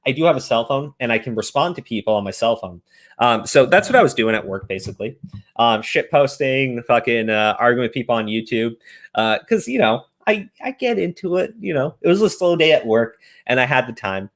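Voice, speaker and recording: Profane ranting man with lively pitch. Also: brisk. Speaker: streamer. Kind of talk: casual stream commentary.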